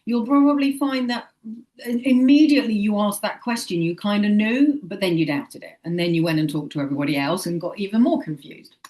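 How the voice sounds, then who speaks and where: A woman talking straight to camera as a psychic medium, chatty and animated, acting out little quoted thoughts and checking in with "okay?". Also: medium pitch, brisk. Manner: chatty, acts out quoted inner voices, frequent "okay?". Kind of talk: casual direct-to-camera advice.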